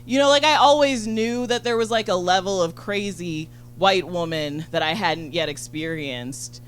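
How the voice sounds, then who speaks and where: A woman doing a stand-up set on a club stage, chatty and bubbly, full of fillers and quick asides to the crowd. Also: on the low side, a little hiss or hum. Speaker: stand-up comedian. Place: comedy club stage in front of an audience.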